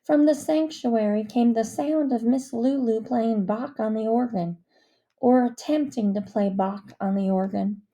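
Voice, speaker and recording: A woman narrating a children's novel aloud in a measured, expressive way. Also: on the high side. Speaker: audiobook reader. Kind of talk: storybook narration.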